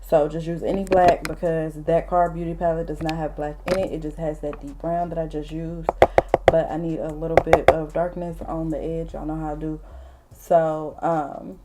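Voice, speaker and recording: A woman in her late twenties telling a casual storytime while doing her makeup, blunt, animated and full of profanity. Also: sits low, normal speed, heavy background noise. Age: late 20s. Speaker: vlogger.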